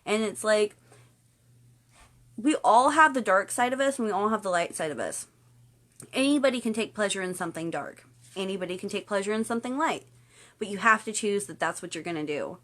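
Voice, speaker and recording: A woman's voice: medium pitch, expressive, brisk, a bit bright. Chatty playful woman livestream host. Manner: chatty, playful, puts on silly voices for quotes. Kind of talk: casual livestream talk.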